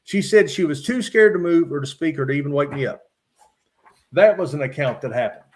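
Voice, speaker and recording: Middle-aged virginia guy, kinda high voice, reads his notes out matter-of-fact, lots of uh's. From West Virginia. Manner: measured, matter-of-fact retelling with frequent "uh" fillers. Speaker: podcast guest, former state trooper. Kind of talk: recounting personal encounters from notes.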